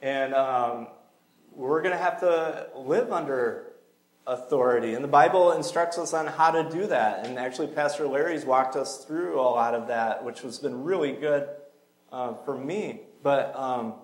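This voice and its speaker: A man's voice: mid-range voice, measured pace, echoey room, poor audio. A man preaching a sermon in a church sanctuary, earnest and conversational, with small fillers along the way.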